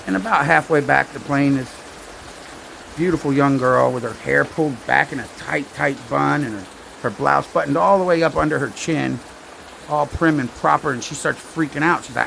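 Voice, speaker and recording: A man's voice: a little high, normal speed, creaky, a bit bright, a little hiss or hum, low-quality recording. A man telling rambling jokes with dry asides on a casual livestream while he watches a storm.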